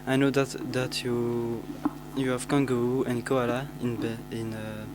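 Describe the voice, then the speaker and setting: A teenage boy introduces himself to pen pals, halting with many restarts and fillers. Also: mid-range voice, little pitch movement, over music, rough recording. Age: teens. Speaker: student.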